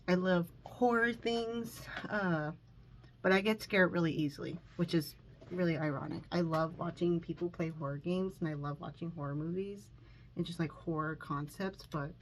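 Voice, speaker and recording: This makeup vlogger, her voice on the low side, talks while applying makeup in a room at home, filming on her phone. Slightly nervous and sniffling with allergies, she rambles self-consciously, full of fillers and restarts. Poor audio with slight background noise.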